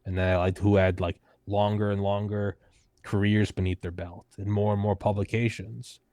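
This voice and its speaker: Lower-voiced man telling a profane, animated story. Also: normal speed, no echo, studio quality. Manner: animated, profane, acts out quoted people; frequent "like" fillers and restarts. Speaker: podcast host and guest. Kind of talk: casual conversational storytelling.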